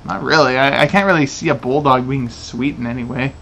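A man's voice: mid-range voice, brisk, creaky, a bit bright, slight background noise. A man giving casual, joking game commentary, laughing often and swearing. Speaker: let's play commentator.

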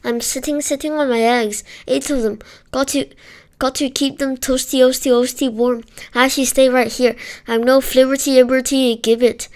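A woman's voice: high voice, steady tone, moderate pace, darkish tone, natural voice. A woman voicing a fussy mother goose who stammers and repeats her words in a rush, in a read-aloud storybook. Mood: flustered.

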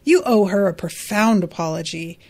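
A woman reading aloud as a sharp, blunt adult woman who scolds in measured lines. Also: mid-range voice, voice pushed down, natural voice. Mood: scolding.

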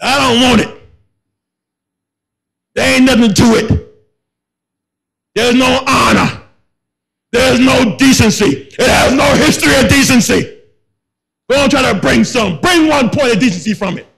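High, bright-voiced preaching man. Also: normal speed, vocal fry, rough recording. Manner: impassioned, shouting, repetitive. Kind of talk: sermon.

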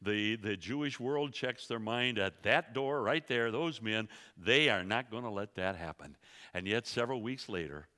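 A man teaching a sermon to a church audience, emphatic and quick, asking the room rhetorical questions. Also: lowish voice, lively intonation, sharp tone, long reverb tail. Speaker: Bible teacher. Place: church sanctuary.

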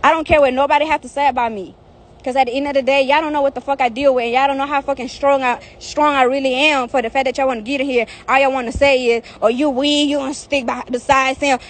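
Young woman, high-pitched, heated profane rant, phone live stream, outdoors. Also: steady tone, fast. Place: outdoors in the heat.

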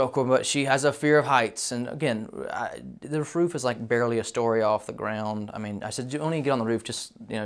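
A man tells a roofing job story in an easy, casual way. His voice sits a touch higher than most men's, and he drops into wry asides between the bits of the story. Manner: wry, animated anecdote-telling with asides. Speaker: roofing contractor telling a story.

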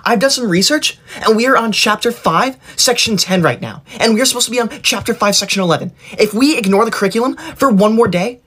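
In an exaggerated, high voice with a sharp, slightly rough tone, a man acts in a comedy sketch as a self-righteous, bossy schoolkid. He comes across as preachy and whiny, quick to threaten to tell the teacher on others.

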